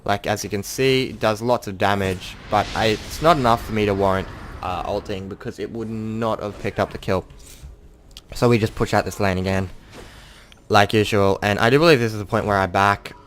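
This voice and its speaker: A man's voice: on the low side, fairly even intonation, moderate pace, a little hiss or hum. A young man giving casual, self-mocking commentary over his own gameplay and acting out what he said in the match. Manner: chatty, self-mocking, acts out his own in-game quotes.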